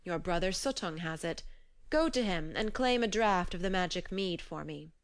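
A woman voicing a calm, cunning male wanderer in a storybook reading, speaking steadily and firmly. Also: on the low side, normal speed. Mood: steady.

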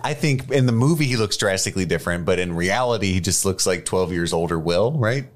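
A man's voice: sits low, brisk. A man hosting a casual movie podcast, joking and teasing his co-hosts. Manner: joking, teasing, swings into animated bursts. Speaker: podcast host. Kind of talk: casual chat.

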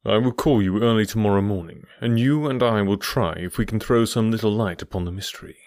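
A man voicing a calm male detective who explains his reasoning step by step. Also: fairly low pitch, no room sound, studio quality, lightly acted. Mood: resolute. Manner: measured, methodical explaining.

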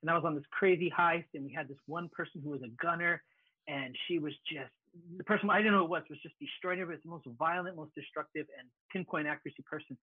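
Fast-talking husky man, lo-fi sound. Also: a little high, no room sound. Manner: fast, animated storyteller. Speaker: podcast co-host. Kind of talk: casual chat.

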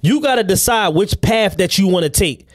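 A man's voice: sits high, expressive, normal speed. Blunt, opinionated Philly man. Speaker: podcast co-host. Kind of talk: casual chat.

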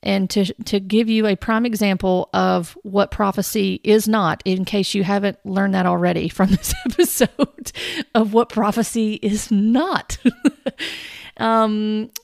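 A woman hosts a podcast in a gravelly, fry-laden voice, commenting wryly and skeptically. The sound is close and dry, with no room around it. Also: medium pitch, steady tone, unhurried, hardly any pauses, no echo. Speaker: podcast host.

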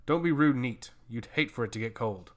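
A man's voice: medium pitch, lively intonation, brisk, close to an everyday voice. A man voicing a middle-aged noble father who is curt and dismissive, talking through a mouthful of food in a fantasy story. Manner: curt, talks with his mouth full.

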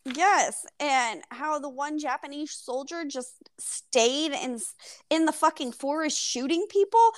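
High-voiced laughing woman co-host. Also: measured pace, slight background noise. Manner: animated, laughing, swears casually. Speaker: podcast co-host. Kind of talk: casual book chat.

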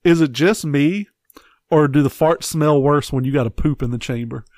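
A man's voice: on the high side, normal speed, darkish tone, no echo, studio quality. Crude, laughing man storyteller. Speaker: podcast co-host. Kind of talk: casual chat.

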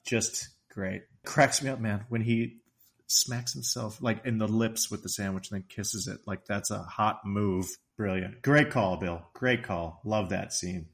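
A man co-hosting a podcast, casually retelling movie scenes in an animated way, laughing often and quoting the characters in a raised voice. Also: lowish voice, measured pace. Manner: laughs often while talking. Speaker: podcast co-host discussing a movie.

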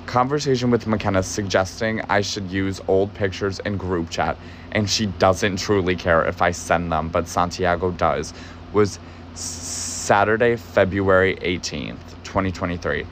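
A man's voice: low-pitched, a little slow, a little hiss or hum. A young man telling a story in a casual, agitated way, cursing often for emphasis. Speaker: podcast host, former barista.

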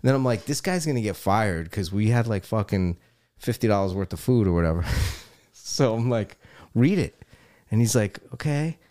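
A man's voice: lowish voice, brisk. A middle-aged man telling a funny story in casual podcast chat, laughing and swearing as he goes. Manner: animated anecdote with frequent swearing and laughter. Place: Los Angeles.

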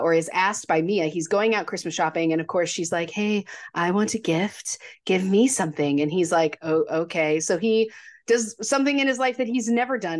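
Chatty woman podcast co-host. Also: lowish voice. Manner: animated storyteller, acts out quotes. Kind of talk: casual movie and cocktail chat.

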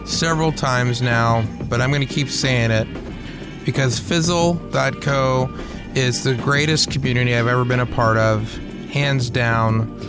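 A man hosting a podcast, talking candidly and casually, swearing now and then and stumbling over repeated words. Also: medium pitch. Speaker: podcast host. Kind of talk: casual podcast host read.

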